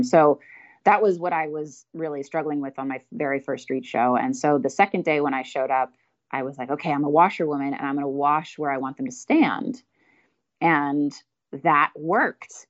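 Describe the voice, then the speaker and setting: A woman who is a street performer, telling stories in a casual interview, chatty and self-deprecating and quick to laugh. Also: sits low, dull audio.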